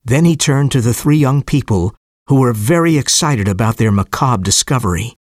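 A man reading an audiobook story aloud in a clear, steady storytelling manner. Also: medium pitch, normal speed, dry recording, clean studio sound. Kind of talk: audiobook narration.

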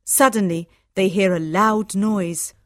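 A woman giving scripted storybook narration, clear, measured and even. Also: medium pitch, noisy background.

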